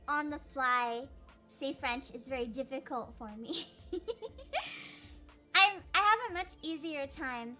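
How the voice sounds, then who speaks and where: A woman's voice: high-pitched, bright, forceful tone. A young woman streamer chatting casually through a Q&A, giggly and self-deprecating, with lots of fillers. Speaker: vtuber streamer. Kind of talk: casual Q&A chat.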